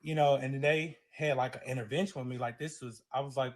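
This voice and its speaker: A man's voice: medium pitch, fairly even intonation, fast talker. A man with a Southern US accent telling a painful personal story in dramatic fashion, acting out the people in it and crying as he goes. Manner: dramatic retelling with quoted voices, grows tearful.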